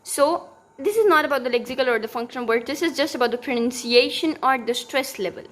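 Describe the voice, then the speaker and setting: A woman's voice: sits high, lively intonation, quick pace, a bit bright. A young woman giving a recorded linguistics lesson, explaining step by step with many fillers and restarts. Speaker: teacher.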